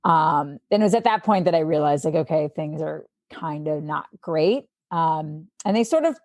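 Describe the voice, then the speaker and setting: A woman with a Midwestern accent, a sports anchor, chatting as a podcast guest and telling stories in a lively way. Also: low voice, normal speed, no room sound. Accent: Midwestern American. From Milwaukee, Wisconsin. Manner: chatty, animated storyteller. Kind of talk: casual interview chat.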